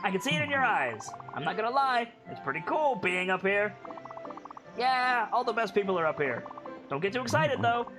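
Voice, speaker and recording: A woman's voice: mid-range voice, very animated, normal speed, pitched above the performer's own voice, lightly acted. A woman voicing a brash, teasing game character bragging from up above, with game music behind. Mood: cocky. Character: cocky character bragging from upstairs.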